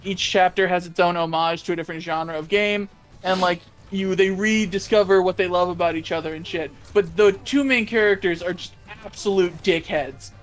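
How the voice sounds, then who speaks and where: Rambling, animated game-story teller. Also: medium pitch. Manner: rambling, animated storytelling with frequent fillers and laughs; swears freely. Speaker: podcast co-host. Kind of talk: casual chat about video games.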